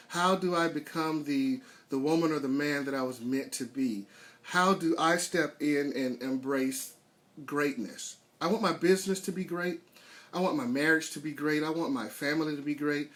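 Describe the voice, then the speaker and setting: A man hosting a weekly motivational live stream, speaking earnestly and building to emphatic peaks. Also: fairly high pitch. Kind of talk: motivational talk. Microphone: live stream webcam setup.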